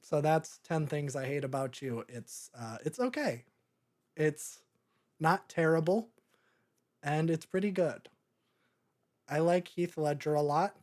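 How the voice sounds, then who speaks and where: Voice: mid-range voice, takes it slowly, long pauses, a little mellow. A podcast host talking through a movie in a casual, rambling way, often breaking into laughter. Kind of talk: casual movie review chat.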